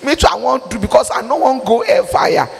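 Nigerian woman preacher, gravelly fry, urgent exhortation, long reverb from a hall. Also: a little high, lively intonation, brisk, soft background music. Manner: forceful exhortation, mixing pidgin with English, bursts of shouting. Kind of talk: sermon.

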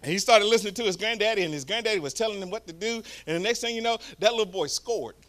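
Preacher guy, high bright voice, telling stories super animated. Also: racing. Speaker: pastor. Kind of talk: sermon.

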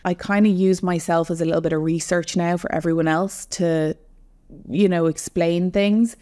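A woman's voice: fairly low pitch, steady tone, moderate pace, mellow. A young adult woman, an online fitness coach, explaining earnestly as a guest in a casual podcast conversation. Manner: earnest, explanatory, speaks to women listeners directly.

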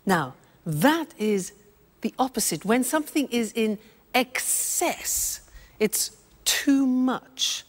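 A woman teaching English in a slow, deliberate way, spelling words out and playing both sides of small example exchanges. Her pitch swings widely as she stresses each point. Her voice carries a long reverb from the room. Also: lively intonation. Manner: deliberate, spelling out words and acting out little dialogues. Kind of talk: slow classroom explanation.

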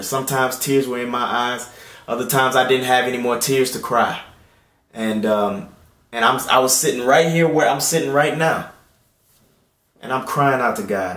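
A man in his late twenties giving an earnest personal faith testimony at home. He moves between hushed, tearful passages and loud, excited ones. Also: mid-range voice, echoey room. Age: late 20s. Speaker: Christian video host. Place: indoor room at home.

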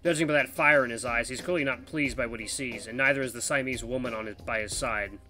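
A man reading a visual novel's second-person narration with brisk, lively storytelling. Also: medium pitch, over music.

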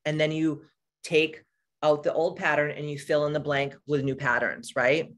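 Woman in her forties, spiritual coach, blunt and profane, animated live-stream chat. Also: low-pitched, normal speed. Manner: blunt and profane, candid storytelling; animated, answers viewers by name. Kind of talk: casual live-stream talk to viewers.

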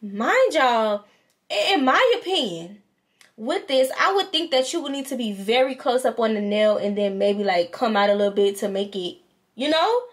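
Animated woman vlogger telling a storytime. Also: fairly high pitch, moderate pace. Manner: animated, acts out both sides of the story. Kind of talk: storytime vlog.

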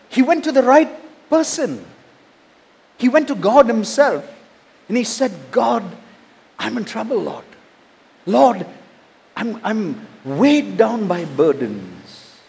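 A man's voice: high voice, very animated, slow pace, gravelly, long pauses, darkish tone, slightly rough. A man, a pastor from India, preaching a sermon, reading scripture and asking rhetorical questions. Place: church.

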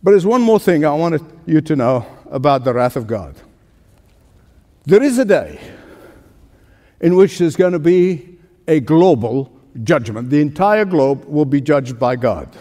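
A man preaching a sermon as pastor, emphatic, with dramatic pauses and passages that rise toward shouting. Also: a little high. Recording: long hall reverb.

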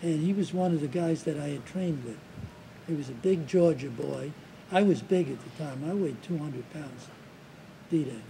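A man in his seventies being interviewed as a war veteran, recounting his memories in a halting way, with restarts and repeated words. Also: a little high, vocal fry, dark tone, a little hiss or hum, rough recording. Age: 70s.

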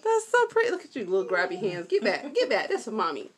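A young woman, excitedly unboxing products at home and talking to her viewers. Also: medium pitch, fast talker, crowd noise. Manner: gushing and excitable, addresses viewers as y'all and you guys. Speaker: vlogger. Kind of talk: product haul vlog. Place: home, indoors.

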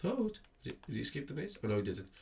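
A man hosting a game video in excitable let's-play commentary, swinging from hushed nervous murmurs to high shrieks. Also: fast, vocal fry, recorded from a distance. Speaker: gaming channel host.

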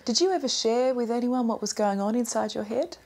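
A woman's voice: on the high side, a little fast, darkish tone. A woman interviewer with an Australian accent asking curious, prompting questions.

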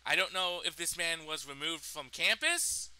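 A man's voice: on the high side, lively intonation, moderate pace, sharp tone, clear, resonant tone, low-quality recording. A young man in a vlog, indignantly retelling a personal story and swearing freely. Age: young adult. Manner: indignant, profane retelling of events. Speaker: vlogger.

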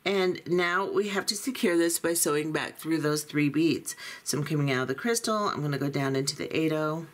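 A woman teaching a beading tutorial, calmly talking through each step as she works. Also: low voice, brisk, hardly any pauses. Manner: calm, methodical, talks through each step. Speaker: beading instructor.

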